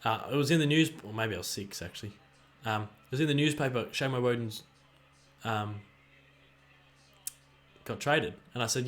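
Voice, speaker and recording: An excitable man with an Australian accent hosts a livestream, chatting casually while he cheers and groans at the players in a football match. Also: mid-range voice, moderate pace, long pauses. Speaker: livestream host. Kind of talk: live watch-along commentary and chat reading.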